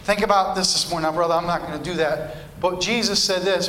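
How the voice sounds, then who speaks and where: A man preaches to his congregation, pressing his points with insistent repetition. His voice sits very high and rings bright. The sound carries the echo of a church room. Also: fairly even intonation, fast, slight background noise. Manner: emphatic, repetitive preaching cadence. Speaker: pastor. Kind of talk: sermon.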